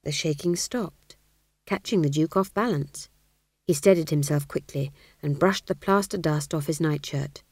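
A woman narrates a comic fantasy novel in a lowish, steady voice. Her delivery is measured and expressive. The recording is close and dry, with no room sound. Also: husky, no echo. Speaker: audiobook narrator.

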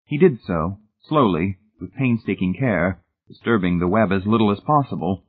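Male audiobook narrator, low and husky, measured and suspenseful, phone-like lo-fi sound. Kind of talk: scripted narration.

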